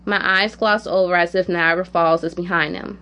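A woman's voice: fairly low pitch, steady tone, fairly quick, sharp tone, clear, resonant tone. Woman telling a personal story. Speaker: narrator.

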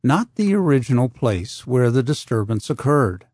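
A man narrating an audiobook in a measured, deliberate way. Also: mid-range voice, sing-song, darkish tone, slightly rough, no room sound, studio quality.

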